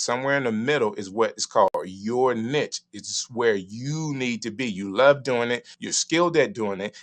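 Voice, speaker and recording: A middle-aged man with a Southern US accent, hosting a live stream from his studio and giving emphatic, animated advice. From Southern United States. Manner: animated, emphatic, varying pitch and pace. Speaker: live streaming show host. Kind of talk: casual advice talk to a live audience.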